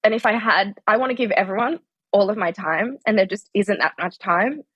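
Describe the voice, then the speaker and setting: A woman's voice: mid-range voice, fairly quick, no room sound, highs cut off. A woman yoga teacher speaking as a podcast guest, earnest and heartfelt, with many "like" fillers. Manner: earnest, heartfelt, frequent "like" fillers, laughs easily. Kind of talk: reflective interview conversation.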